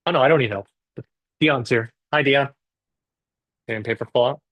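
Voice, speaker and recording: A man's voice: medium pitch, moderate pace, long pauses. A Canadian man teaching English, chatting casually and joking with his viewers during a live class. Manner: chatty, joking, self-deprecating.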